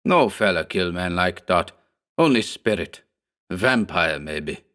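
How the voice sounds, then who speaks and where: A man's voice: deep voice, animated, takes it slowly, a bit bright, exaggerated voice. A man voicing a burly, superstitious immigrant thug who speaks broken English, in a horror audiobook. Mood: hushed fearful. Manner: broken English, whining and pleading. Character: burly hog-necked male immigrant thug, superstitious, fearful.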